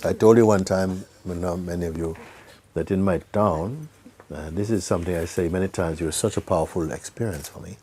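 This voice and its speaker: Man, spiritual teacher, deep voice, mellow, gentle, slips into whispers. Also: fairly quick. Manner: gentle, laughs often, drops into whispers. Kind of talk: spiritual talk to a gathering.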